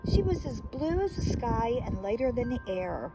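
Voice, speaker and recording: A woman reading a children's picture book aloud, gentle and expressive. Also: on the high side, moderate pace, background noise. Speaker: storyteller.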